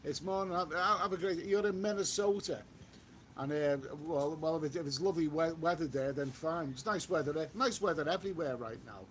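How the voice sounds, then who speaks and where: A man's voice: fairly high pitch, fairly quick, slight background noise. A man chatting casually on a live stream while out walking, reading viewer comments aloud and repeating himself. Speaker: travel vlogger reading live chat. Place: outdoors on a walk.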